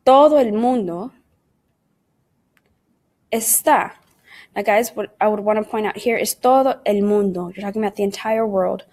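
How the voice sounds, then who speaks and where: A woman teaches an online Spanish lesson in English, her mid-range, slightly mellow voice moving at a moderate pace with long pauses. Patient and methodical, she weaves in Spanish words and conjugations and often calls her students "guys."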